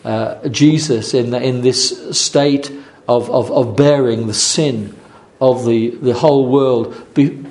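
A man's voice: medium pitch, steady tone, takes it slowly, hardly any pauses, darkish tone. A man preaching a sermon earnestly, repeating his phrases and restarting often.

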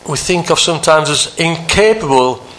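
A man preaching a sermon, earnest, climbing higher for emphasis and dropping soft on the quieter phrases. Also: lively intonation, normal speed.

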